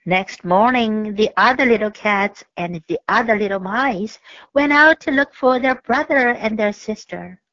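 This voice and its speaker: Slow, patient woman teacher reading aloud. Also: mid-range voice, a bit bright, no room sound. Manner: slow, careful, patient explaining. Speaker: English teacher reading a picture book. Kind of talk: bilingual picture-book lesson and read-aloud. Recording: dull lo-fi dry recording.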